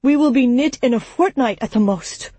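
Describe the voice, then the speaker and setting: A woman's voice: fairly high pitch, normal speed, dark tone, husky, dry recording, pitched above the performer's own voice. A woman narrator voicing a blunt village man pressing for defense, raising her voice for him. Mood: urgent.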